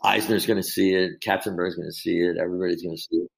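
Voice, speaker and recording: Man, very low voice, gravelly, middle-aged podcast guest, candid storyteller. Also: level tone, quick pace. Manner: candid, self-deprecating storyteller. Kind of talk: casual storytelling.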